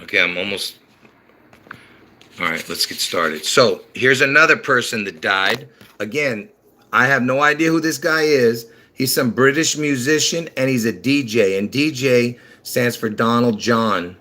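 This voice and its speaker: A man talks on his own livestream in a loose, rambling way, circling back over the same points and then pushing them hard with sudden excitement. His speech is slightly slurred from dentures, and he chuckles when he trips over a word. His pitch sits in a middling range for a man. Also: measured pace. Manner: rambling, repeats himself, bursts into excited emphasis. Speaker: livestream host. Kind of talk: rambling religious livestream talk.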